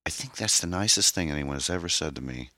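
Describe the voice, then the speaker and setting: A man's voice: rumbling low, lively intonation, sharp tone, no echo, clean studio sound, voice pushed up, heavily acted. A man voicing a guarded, hesitant orphaned young woman. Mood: guarded, pained. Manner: hesitant, halting and pained.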